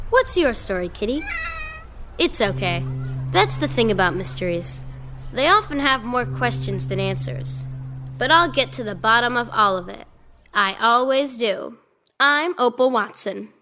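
A woman's voice: a little high, pushed and bright, slight background noise. A woman voicing a curious young girl private eye in an audio drama, talking to her cat. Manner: inquisitive, talks to her cat.

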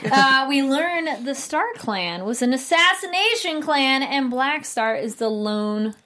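A woman hosting a casual anime discussion podcast, animated and quick to laugh, acting out quoted lines. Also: high-pitched. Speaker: podcast host.

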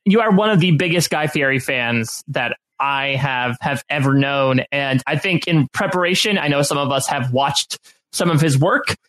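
A man hosting a casual podcast, introducing the episode in a playful, quick way. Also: mid-range voice, a bit bright, poor audio. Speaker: podcast host.

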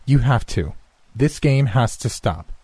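A man's voice: medium pitch, lively intonation, measured pace, dark tone, slightly rough, no echo, voice pushed up. A man voicing a frantic mother who screams out for her lost children. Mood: stern. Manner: screaming, desperate.

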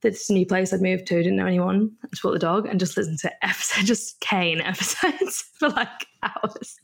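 A woman's voice: mid-range voice, normal speed, gravelly, husky. A woman in her thirties from the north of England, a podcast guest telling long chatty stories full of likes and ums. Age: 30s. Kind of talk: casual conversation.

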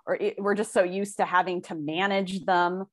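A woman co-hosting a podcast, reflective and soft-spoken, with many fillers. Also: fairly low pitch, steady tone, normal speed, no room sound. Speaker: podcast co-host. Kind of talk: casual podcast chat.

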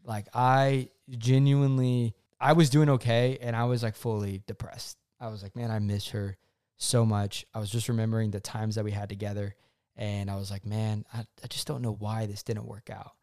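A man's voice: lowish voice, normal speed, clear, resonant tone. A young man, co-host of a chat, telling a personal story casually and acting out what he said back then. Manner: animated, acts out his own past quotes.

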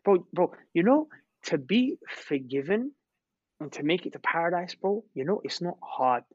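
A man telling religious stories in an animated, slangy way, repeating words as he goes. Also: high-pitched, moderate pace, husky, no echo. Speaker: Islamic preacher. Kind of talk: storytelling religious talk. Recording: dull, lo-fi sound.

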